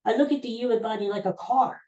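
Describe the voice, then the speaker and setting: A man's voice: sits high, quick pace, darkish tone, lo-fi sound. An older man hosting a casual solo podcast, rambling and joking in a folksy way. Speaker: podcast host. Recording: roomy echoey room.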